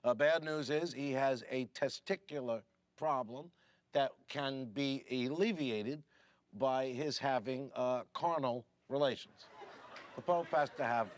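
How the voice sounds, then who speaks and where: A man telling jokes in a relaxed, halting way, slowing for the punchlines. His voice sits at a middle pitch and sounds close and dry, with no room echo. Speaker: joke teller. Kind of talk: casual joke telling.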